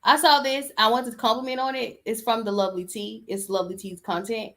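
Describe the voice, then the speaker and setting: Sassy animated woman podcaster. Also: on the high side, fairly quick. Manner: sassy, animated, talks back at clips. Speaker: podcast host. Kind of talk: casual commentary.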